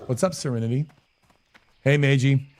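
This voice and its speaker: A man talking into a desk mic while he plays a game on a live stream. He is animated and slangy, answering his chat as he goes, at an ordinary middle pitch. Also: moderate pace. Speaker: streamer and guild leader.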